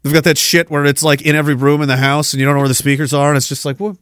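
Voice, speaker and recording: A man's voice: fairly high pitch, level tone, a bit bright, clear, resonant tone, no room sound. Sarcastic man ranting on a podcast. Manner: sarcastic, profane, fast-shifting rant. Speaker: podcast host.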